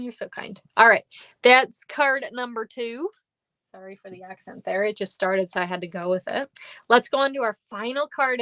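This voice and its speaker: On a live stream, a woman teaches card-making, chatting cheerfully and calling out viewers by name with thanks while she crafts. Her voice sits at medium pitch, slightly bright, in a dry recording.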